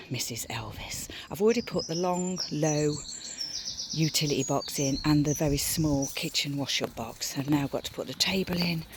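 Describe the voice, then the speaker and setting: A woman's voice: sits low, noisy background. A middle-aged woman from the UK vlogging about packing her campervan, chatting along and cooing at her dogs in a sing-song voice. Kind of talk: casual vlog narration. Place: beside her campervan, outdoors.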